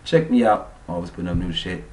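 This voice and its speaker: A man's voice: sits low, brisk, recorded from a distance, slight background noise. A man vlogger telling a travel story in a casual, profane, rambling way. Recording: roomy sound, off-mic.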